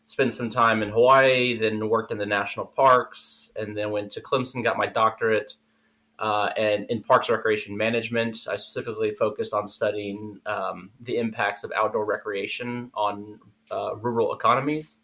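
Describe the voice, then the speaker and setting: Easygoing podcast guest from South Texas, a man in his thirties, lowish bright voice. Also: fairly even intonation, moderate pace. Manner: easygoing, explains with fillers. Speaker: guest, nonprofit engagement manager. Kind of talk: conversational podcast interview.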